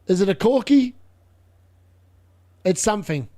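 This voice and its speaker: A man with a fairly high voice talks through a live football match for his viewers. He chats and laughs, reads out messages from the chat, then shouts excited play-by-play when an attack builds. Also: unhurried. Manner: excitable, bursts into shouted play-by-play at big moments; chatty, laughs often, reads chat aloud. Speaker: live watchalong streamer. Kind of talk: live football watchalong reaction.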